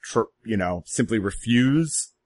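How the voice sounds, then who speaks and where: A man's voice: fairly low pitch, lively intonation, takes it slowly, darkish tone. A man running a tabletop role-playing game as game master, asking the players how their characters respond. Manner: asks players questions and lays out options.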